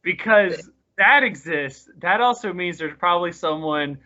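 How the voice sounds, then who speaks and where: A man's voice: high voice, animated, a little slow, pushed and bright, highs cut off. A man co-hosting a podcast, rambling and joking crudely in casual chat. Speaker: podcast co-host.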